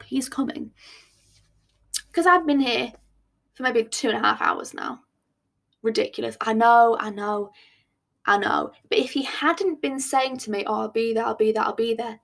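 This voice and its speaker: A woman, hosting a podcast and telling a story in a chatty, expressive, self-mocking way. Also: on the high side, creaky. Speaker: podcast host. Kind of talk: casual storytime chat.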